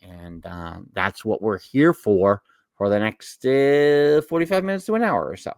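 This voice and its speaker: Low-voiced New York man, rambling host. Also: lively intonation, unhurried, clear, resonant tone, dry recording. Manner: rambling, self-correcting storyteller. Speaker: podcast co-host. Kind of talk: casual chat.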